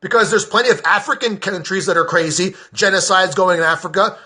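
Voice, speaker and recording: A man's voice: high voice, brisk, sharp tone. An American man, a veteran, delivering a heated, profane, sarcastic political rant to the camera in an agitated state. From United States.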